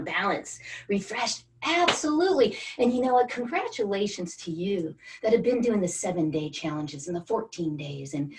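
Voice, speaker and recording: A woman's voice: medium pitch, far from the mic. A woman wellness coach leading an online group through a guided energy exercise, coaxing and encouraging participants by name. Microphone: video call.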